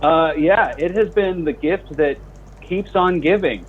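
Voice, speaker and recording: A man's voice: a little high, measured pace, a little hiss or hum, lightly acted. A man playing a smarmy, innuendo-loving morning show host, speaking with hammy fake sincerity. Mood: mock-sincere. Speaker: improv comedy show host. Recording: dull lo-fi stream audio.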